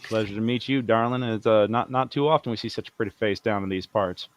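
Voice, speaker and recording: Man putting on a flirtatious smooth-talking dockhand. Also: lowish voice, fast, natural voice. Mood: flirty. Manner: drawling, sweet-talking, calls her darling.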